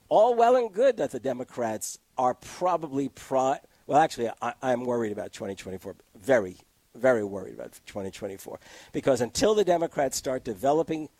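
Speaking close to a studio microphone with no echo, a guest political commentator pushes his arguments in a relaxed political conversation. His medium-pitched voice stays lively, combative, and ready to break into laughter.

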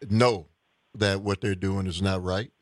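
A man hosting a call-in radio talk show, speaking in a measured way with frequent pauses and restarts. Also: sits low, steady tone, no echo.

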